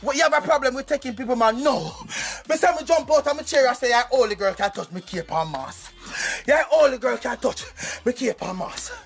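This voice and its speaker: A man's voice: extremely high pitch, brisk, hardly any pauses. A man with a Jamaican accent in a comedic rant, scolding and playful, sometimes chanting.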